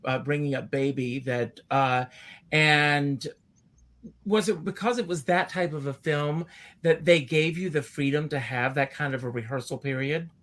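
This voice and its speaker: A man's voice: fairly high pitch, fairly bright tone. A man hosting an interview, giving short interjections and asking long, winding questions. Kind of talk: conversational interview.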